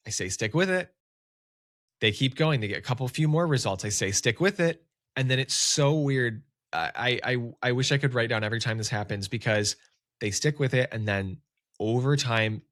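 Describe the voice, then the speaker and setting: Guy coaching photographers, chatty and animated, mid pitch, dry close sound. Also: a little fast, no room sound. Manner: casual, conversational, animated emphasis. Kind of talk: solo podcast talk.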